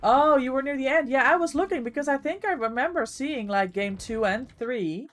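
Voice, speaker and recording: A woman's voice: high voice, normal speed. A woman livestreamer chatting casually with her viewers while she plays, thanking them by name as she goes.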